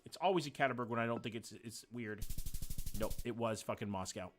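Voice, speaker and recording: Speaking fast at a medium pitch, a man chats his way through a game on a live stream. He's talkative, thinks out loud, swears and greets the people watching.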